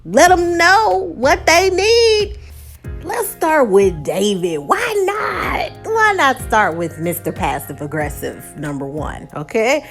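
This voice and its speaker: A woman vlogger, recapping a reality show in a casual, animated way and acting out the quotes. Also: deep voice. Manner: animated, dramatic, acts out quotes.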